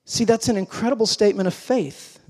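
Preacher in an echoing hall. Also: male voice, high voice, brisk, slightly rough. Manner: dramatic, swings between hushed and emphatic. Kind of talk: sermon. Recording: long hall reverb.

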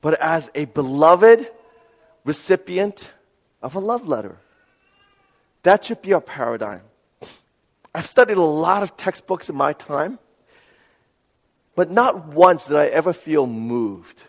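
A man preaching a sermon, telling a personal story in an earnest, animated way and often checking in with "right?". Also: on the high side, slow pace, long pauses. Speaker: pastor. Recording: reverberant hall.

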